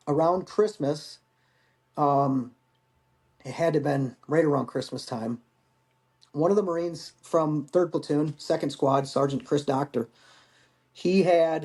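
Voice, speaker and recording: Vet guy in his 40s rambling thru old stories, kinda high voice, mellow, swears a lot. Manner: candid, rambling, swears casually. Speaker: podcast guest, Marine veteran. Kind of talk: casual storytelling.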